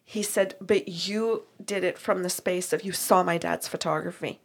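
A woman's voice: lowish voice, moderate pace, husky. A woman who works as a medium, telling a story about a reading and acting out both sides of the conversation. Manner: animated retelling with quoted dialogue. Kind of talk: storytelling chat.

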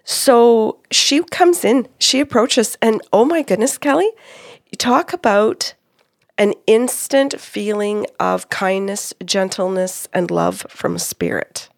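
A middle-aged woman, a psychic medium co-hosting a talk show, tells the story of a reading in a slow, gravelly, mid-range voice. She animatedly quotes the spirits and clients involved and laughs often, in a dry, studio-quality recording.

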